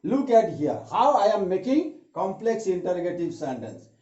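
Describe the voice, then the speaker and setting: High, lively male teacher. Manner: repeats each sentence slowly, explanatory. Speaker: English grammar teacher. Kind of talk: classroom grammar lesson. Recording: echoey room, dull lo-fi sound.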